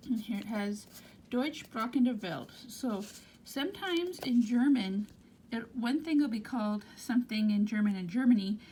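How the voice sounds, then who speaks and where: American woman, German lesson, textbook read-aloud, English explanations, higher voice, faint background hiss. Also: darkish tone. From United States. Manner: reads German then explains it plainly in English. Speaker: German teacher.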